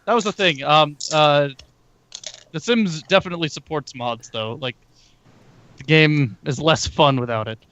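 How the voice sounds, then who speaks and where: A man's voice: a little high, measured pace, fairly bright tone. A man chatting on a gaming podcast in a matter-of-fact way. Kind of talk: casual chat. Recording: dull dry lo-fi mic.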